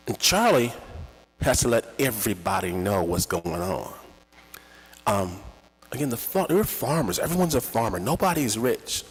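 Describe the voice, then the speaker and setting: Animated male storyteller in an echoey hall. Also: on the low side, unhurried, slightly rough. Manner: animated, theatrical, conversational. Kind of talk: live storytelling performance. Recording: echoey hall with long reverb.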